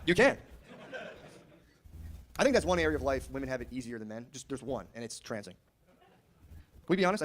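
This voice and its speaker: A man doing a crude stand-up set in a quick, loose, conversational rush, his voice sitting a little high for a man. He talks brashly and keeps dropping into mocking little voices. A faint room murmur sits underneath. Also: a little hiss or hum. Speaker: stand-up comedian.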